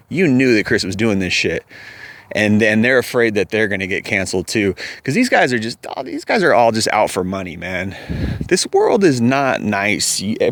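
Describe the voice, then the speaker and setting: A young man ranting in a heated, profane, rambling commentary as a vlogger. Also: mid-range voice.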